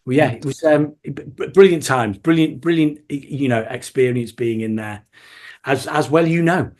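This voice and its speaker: A man's voice: mid-range voice, normal speed. A man telling casual stories in an interview, full of laughs and restarts, acting out quoted customers. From England. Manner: animated anecdotes with laughs and restarts. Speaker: guest, DJ and record shop worker.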